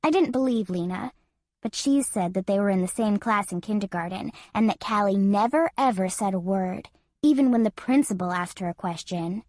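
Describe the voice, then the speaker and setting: A woman's voice: medium pitch, moderate pace, darkish tone, no room sound, studio quality, natural voice. A woman narrating an audiobook as a frightened seven-year-old girl, in an earnest, childlike first-person telling. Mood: worried, earnest.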